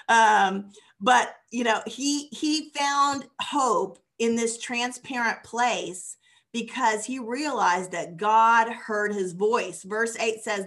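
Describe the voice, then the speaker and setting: A woman's voice: mid-range voice, slow, fairly bright tone. A woman giving an informal sermon on a psalm, talking casually with fillers and small laughs. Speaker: bible teacher.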